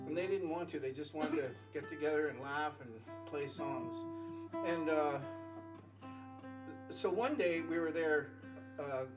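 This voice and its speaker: Man spinning a rambling stage story. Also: a little high. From Canada. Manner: rambling, self-interrupting, laughing at his own jokes. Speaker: musician telling a story on stage. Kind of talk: storytelling between songs. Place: small music venue with audience. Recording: live music venue, mic from a distance.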